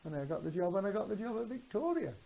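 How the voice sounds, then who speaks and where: Gravelly older Mancunian woman reminiscing. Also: mid-range voice, very animated, fast talker, mellow, slight background noise, rough recording. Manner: rambling anecdotal storytelling. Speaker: interviewee, former swimming teacher. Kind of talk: oral history interview.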